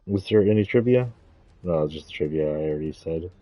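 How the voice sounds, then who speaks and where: A man's voice: extremely low pitch, animated, moderate pace, mellow. A man giving casual, rambling gameplay commentary, thinking aloud and correcting himself as he goes. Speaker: streamer.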